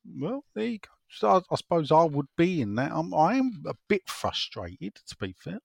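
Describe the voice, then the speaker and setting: A man's voice: on the high side, big pitch swings, normal speed, creaky, husky, no echo. A man hosting a casual football fan chat, rambling and repeating himself as he reads out listener messages. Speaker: football podcast host reading listener messages.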